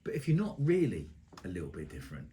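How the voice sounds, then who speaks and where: A man's voice: low-pitched, huge pitch swings, quick pace, dark tone. A man hosting a podcast in a chatty, teasing broadcaster's manner. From England. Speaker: podcast host and former radio presenter. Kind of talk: casual chat.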